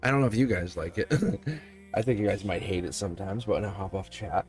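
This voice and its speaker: A man hosting a live tarot stream, talking straight to his viewers in an animated way and laughing often. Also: on the low side, brisk, soft background music.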